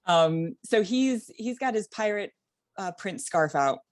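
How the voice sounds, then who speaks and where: A young adult woman telling a comedic party story in casual chat, animated and laughing, with lots of fillers. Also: mid-range voice, takes it slowly, no echo. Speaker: guest storyteller.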